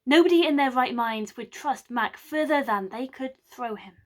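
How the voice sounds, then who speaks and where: A woman storyteller with a slightly high voice retells a medieval play as a winter tale. She adds wry, chatty asides to her listeners as she goes. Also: moderate pace. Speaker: storyteller, medieval drama scholar.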